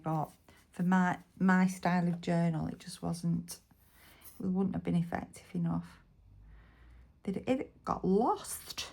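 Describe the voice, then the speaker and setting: A woman's voice: lowish voice, steady tone, unhurried, creaky, a little mellow. A woman with a Bolton accent from Lancashire, chatting casually through a crafting tutorial and muttering half-whispered asides to herself as she works. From Bolton, England. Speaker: craft vlogger.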